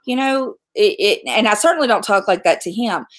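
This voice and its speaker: A woman's voice: mid-range voice, expressive, brisk. A middle-aged woman, chatting candidly and laughing often on a live stream. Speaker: YouTube host. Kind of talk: casual live-stream chat.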